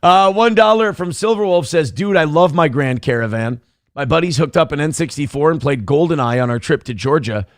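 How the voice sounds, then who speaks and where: Guy hosting a live stream, reads chat and riffs crude jokes on himself, kinda high voice. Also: fairly quick, dry recording, studio quality. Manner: crude, joking, self-mocking; loose, rambling asides. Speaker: live show host reading chat.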